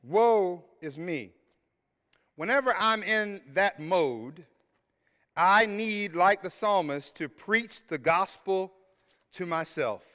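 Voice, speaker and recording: A man preaching a sermon as pastor, swelling into shouted scripture lines and then dropping to quiet asides. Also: high voice. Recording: long hall reverb.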